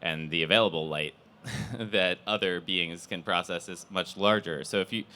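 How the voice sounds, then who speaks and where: A man with a very low voice hosts a conference panel. He talks in a loose, rambling way, restarting sentences and filling gaps with "uh" and "you know.". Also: normal speed, pushed and bright. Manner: rambling, many restarts and fillers. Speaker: panel host. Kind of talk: casual panel talk.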